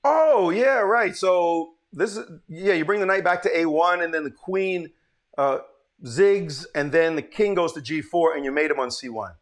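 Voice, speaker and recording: A man's voice: on the high side, normal speed. A man giving a live-streamed chess lesson, telling stories and calling out to his viewers. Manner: animated, storytelling, calls to viewers. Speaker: chess teacher.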